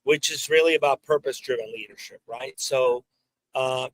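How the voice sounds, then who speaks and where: A man's voice: medium pitch, moderate pace, rough recording. A man co-hosting a podcast, explaining his points by recounting a conversation step by step. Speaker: podcast co-host. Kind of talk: casual discussion.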